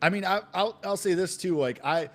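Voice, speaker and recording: A man with a New York accent co-hosting a sports betting chat, talking in animated, emphatic rants full of "like". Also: high voice, brisk.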